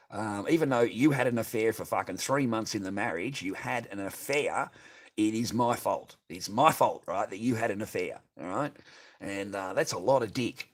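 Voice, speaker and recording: A middle-aged man with an Australian accent, ranting in a profane, repetitive, bitter monologue to his stream. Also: fairly low pitch.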